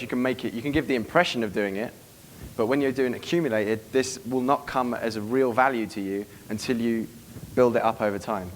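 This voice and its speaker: Fast-talking brash man coaching a crowd. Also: medium pitch, slight background noise. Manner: brash, profane, acts out quoted dialogue. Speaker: dating coach giving a seminar. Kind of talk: live seminar talk to an audience.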